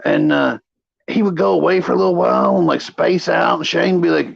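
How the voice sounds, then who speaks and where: A man's voice: fairly high pitch, expressive, fairly quick, gravelly, breathy edge, no room sound, muffled recording. A man co-hosting a casual livestream chat, rambling through stories with crude language. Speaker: co-host.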